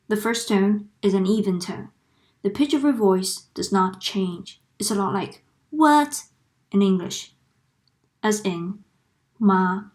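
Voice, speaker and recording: A young woman from Taiwan with a Taiwanese Mandarin accent, teaching pronunciation slowly and deliberately, demonstrating one sound at a time. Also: mid-range voice, warm tone. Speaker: language tutor. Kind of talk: slow, careful pronunciation lesson.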